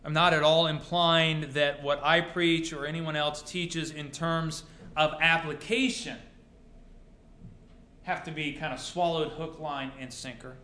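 A man's voice: fairly high pitch, steady tone, measured pace, bright, forceful tone. A male pastor preaching a sermon to his congregation, mixing rhetorical questions with dry humor. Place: church sanctuary. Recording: roomy church echo.

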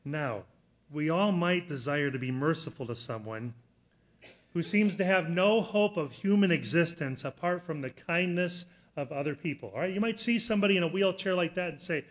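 A middle-aged man preaches in an earnest storytelling voice that sits a little high for a man. He builds from steady explanation to loud, emphatic moments as he drives home his points. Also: moderate pace. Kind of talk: sermon with personal story.

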